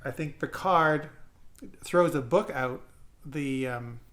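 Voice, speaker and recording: A man co-hosting a casual podcast chat, halting and repeating words as he recalls details. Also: a little high, a bit bright. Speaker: podcast co-host.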